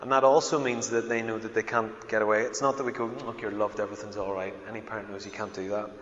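A middle-aged man with a Northern Irish accent preaching a sermon, shifting between loud emphatic proclaiming and quiet, intimate storytelling. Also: on the low side, steady tone, fast. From Northern Ireland. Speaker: pastor. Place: church hall. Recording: dull, echoey hall recording.

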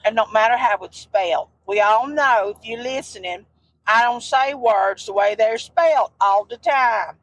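Middle-aged woman, chatty podcast co-host, slightly high voice. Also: moderate pace, low-quality recording. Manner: chatty, homespun drawl. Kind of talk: casual travel chat. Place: outdoors at sand dunes.

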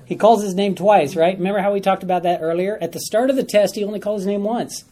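A man teaching a Bible study class, animated, often repeating phrases and putting questions to the class. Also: sits high, fast talker.

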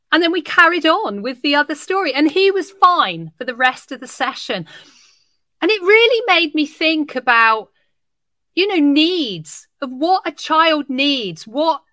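A woman's voice: high-pitched, normal speed, dry recording. A woman who works in early years education, telling classroom stories on a podcast and acting out the dialogue as she goes. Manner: animated, acts out dialogue while telling stories. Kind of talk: podcast conversation, telling an anecdote.

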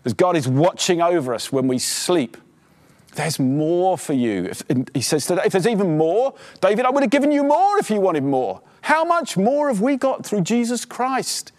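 A man preaching a sermon as pastor, exhorting his listeners fervently, his voice climbing in pitch as he urges them on. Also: big pitch swings. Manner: quieter, halting prayer. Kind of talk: sermon with closing prayer.

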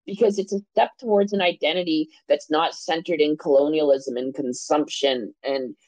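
A woman co-hosts a podcast in a deep, darkish voice at a moderate pace, talking passionately in casual discussion. She swears freely and keeps checking in with "right?". The recording is dry and rough.

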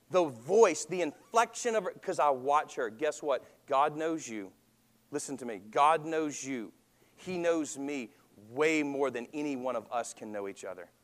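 Higher-voiced pastor preaching in a reverberant hall. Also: male voice. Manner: conversational, asks the congregation questions. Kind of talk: sermon.

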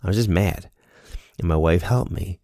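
Earnest male storyteller, deep and mellow, casual monologue, dry recording. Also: moderate pace, dry recording. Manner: earnest, storytelling with quoted dialogue. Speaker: speaker sharing a personal lesson.

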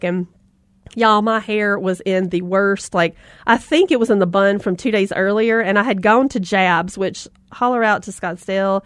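A woman's voice: mid-range voice, a little slow, no room sound, clean studio sound. A middle-aged woman giving an upbeat, folksy motivational talk to mothers, calling them "mama" and "y'all".

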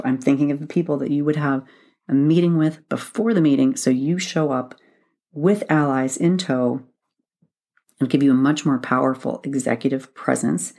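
Woman podcast host coaching listeners, steady instructive delivery that circles back to stress key points. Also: extremely low pitch. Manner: instructive, methodical, repeats points for emphasis. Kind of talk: solo advice podcast.

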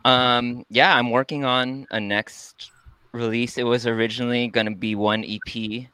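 A man's voice: mid-range voice, flat delivery, normal speed, pushed and bright, slight background noise. A man, a musician guest, chatting casually and playfully with lots of ums and restarts. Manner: laid-back, hesitant with many ums, playful. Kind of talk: casual podcast conversation.

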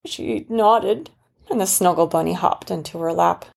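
A mother narrating a children's story, explaining things gently and patiently. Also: on the low side, measured pace, vocal fry.

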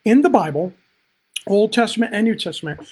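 A man's voice: high voice, animated, fairly quick, darkish tone, husky. A man speaking as a pastor on a livestream, upbeat and talking straight to viewers in the chat. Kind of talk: livestream Bible teaching.

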